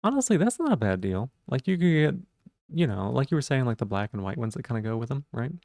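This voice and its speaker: A man's voice: mid-range voice, very animated, fast, darkish tone, no room sound, studio quality. A man streaming live, chatting casually and playfully while he repeats silly puns and rambles.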